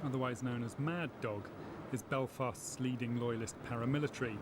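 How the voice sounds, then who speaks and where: A man narrates a documentary in a calm, measured way. His pitch is moderate. Clear street and traffic noise runs under his voice. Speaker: documentary reporter.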